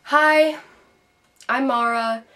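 A woman's voice: sits high, fairly even intonation, very slow, a bit bright, far from the mic, heavily acted. A woman playing a bitter, depressed teenage girl who vents sarcastically in a scripted video-diary monologue. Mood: sardonic. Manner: sarcastic, exasperated storytelling.

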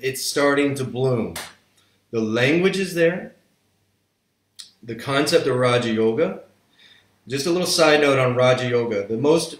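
A man's voice: mid-range voice, reverberant. A man teaching yoga history in a lecture, telling it as a story and acting out people's reactions.

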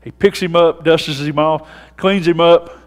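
A high-pitched Southern man preaching to his congregation in a folksy, storytelling way, his voice ringing out loud, then dropping to soft asides. The sound carries a long church-hall reverb. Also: fairly even intonation, a little slow. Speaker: pastor. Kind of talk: sermon. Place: church sanctuary.

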